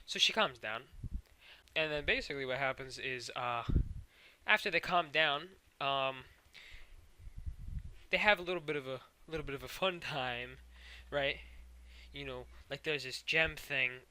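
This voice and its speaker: Rambling, foul-mouthed man with a bright voice. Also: mid-range voice, a little slow, long pauses. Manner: rambling, swears a lot, full of fillers and sound effects. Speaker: show recapper. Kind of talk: casual cartoon episode recap.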